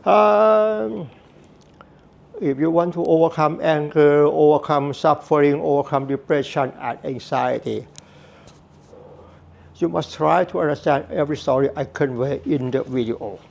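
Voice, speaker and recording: A man's voice: fairly high pitch, measured pace, gravelly, darkish tone. A man giving a Buddhist teaching talk, earnest and repetitive, with non-native phrasing. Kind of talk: slow spoken Dharma talk.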